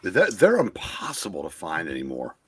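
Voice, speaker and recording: An older man chatting casually about old comics, halting and restarting often as he reminisces. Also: sits low, wildly swooping pitch, over a noisy crowd. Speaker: guest collector on a comic livestream. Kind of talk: casual chat.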